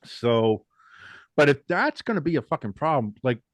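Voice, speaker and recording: Sports podcast co-host, man, animated, profane, ranting; dry, close sound. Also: medium pitch, moderate pace, no echo. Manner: animated, swears freely, ranting. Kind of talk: casual sports chat.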